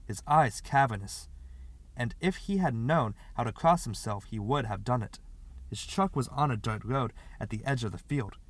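A man narrating a literary short story as an audiobook reader, in a steady, expressive way. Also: mid-range voice, no echo.

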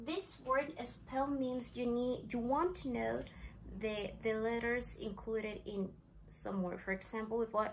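Woman ESL teacher; slow, repeats phrases for learners; slightly high pitch. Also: a little hiss or hum, low-quality recording. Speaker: English teacher. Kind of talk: classroom language lesson.

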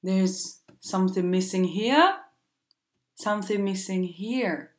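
A woman teaching a playful vocabulary game to children, speaking in a slow, exaggerated teacher voice. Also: medium pitch. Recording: echoey room.

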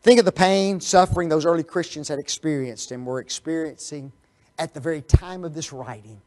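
A man delivers a Bible study sermon in a somewhat high voice. He keeps asking his listeners questions and answering them himself. His delivery moves between soft asides and loud, emphatic peaks. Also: brisk. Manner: animated, rhetorical questions to the audience; swings from quiet asides to loud emphatic bursts. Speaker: preacher.

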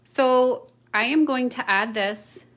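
A woman's voice: sits high, slow, fairly bright tone. A middle-aged woman chatting through a card-making tutorial, with apologetic asides and frequent "okay?" check-ins. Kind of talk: casual craft tutorial.

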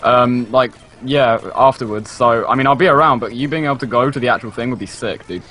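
A man with a British accent joining a gaming stream as a guest, playful and quick to laugh. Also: mid-range voice, fairly bright tone. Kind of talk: casual joking chat over a call.

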